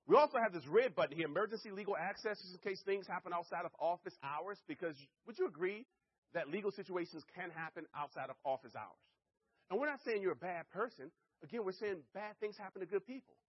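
A middle-aged man giving a live sales presentation, energetic and constantly checking in with his listeners. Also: high-pitched, quick pace, husky, dull audio. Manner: energetic, keeps checking in with the audience. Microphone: handheld or stand mic.

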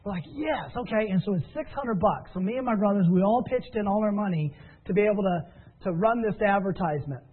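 A fairly high-voiced man tells stories and coaches his listeners in an upbeat, encouraging way. His voice comes through a thin, tinny phone line. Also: lively intonation, brisk, slightly rough. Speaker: business trainer. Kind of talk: motivational training talk.

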